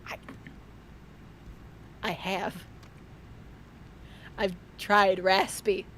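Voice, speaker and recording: A woman's voice: medium pitch, little pitch movement, very slow, fairly bright tone, a little hiss or hum. A woman chatting on a stream, teasing and swearing freely and laughing a lot. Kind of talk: casual chat.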